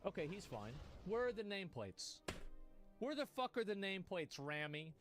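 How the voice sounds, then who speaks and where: A man's voice: high voice, very animated, normal speed, music in the background. A young man streaming a game, giving exasperated live commentary, swearing and stammering as he watches other players.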